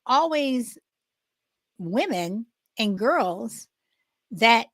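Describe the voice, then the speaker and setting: Woman, live-chat host, slow unhurried talk, frequent laughs and fillers, dry close sound. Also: fairly high pitch, animated, no room sound. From Southern California. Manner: slow, laughing often, many fillers and restarts. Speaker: livestream host. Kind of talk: casual live chat with viewers.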